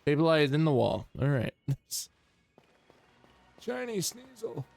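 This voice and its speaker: A young man streaming a game, chatting casually and jokily, now and then yelping high or humming silly tunes. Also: moderate pace, creaky, darkish tone. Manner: laid-back, jokey, breaks into high yelps and silly humming. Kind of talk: casual gameplay commentary. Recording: faint music in the background.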